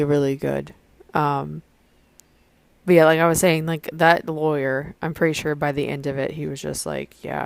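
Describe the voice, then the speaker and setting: A woman's voice: sits low, gravelly, darkish tone, no room sound. A young woman hosting her own podcast, talking casually and rambling with many fillers and restarts. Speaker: podcast host. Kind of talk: casual solo podcast chat.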